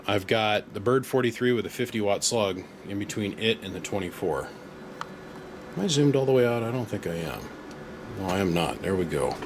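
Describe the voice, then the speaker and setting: A man's voice: on the low side, noisy background. Chatty folksy man, workshop vlog. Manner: folksy, chatty storyteller with slang. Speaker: amplifier repair shop owner. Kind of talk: casual workshop vlog storytelling. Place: workshop with shelving units.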